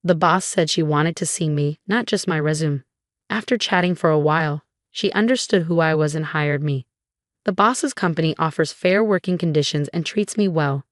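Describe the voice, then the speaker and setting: A woman's voice: sits low, moderate pace, dry recording, studio quality, close to an everyday voice. A woman voicing a stern, loyal young male employee, earnest and serious, in a storybook narration.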